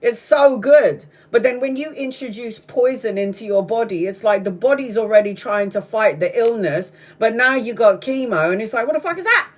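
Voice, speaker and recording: Telling a story on her live stream, this woman tarot reader speaks at normal speed with few pauses, her voice slightly high. She's casual, profane and blunt, animated in her storytelling and frequently breaking into laughter.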